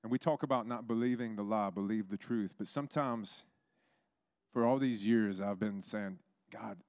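A man's voice: on the low side, normal speed, a little mellow, dry recording, clean studio sound. A man preaching a sermon, telling stories and acting out the voices in them. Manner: storytelling, acts out quoted voices.

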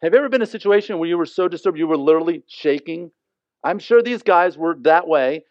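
A man's voice: a little high, animated, brisk, dry recording. A man teaching a Bible passage in an earnest, conversational way, often asking listeners to imagine the scene. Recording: dry, slightly dull lo-fi sound.

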